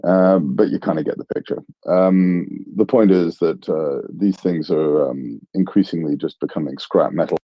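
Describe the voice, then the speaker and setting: Deep-voiced man, halting and self-deprecating. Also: no echo. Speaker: panelist on a live audio talk space. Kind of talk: casual analytical discussion. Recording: muffled online audio stream.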